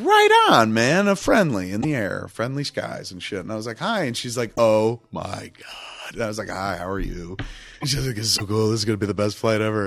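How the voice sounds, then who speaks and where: A man's voice: mid-range voice, fairly bright tone, no room sound. A man casually telling a long, rambling, profane story on a podcast, acting out what everyone said. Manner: profane, rambling, acts out quotes.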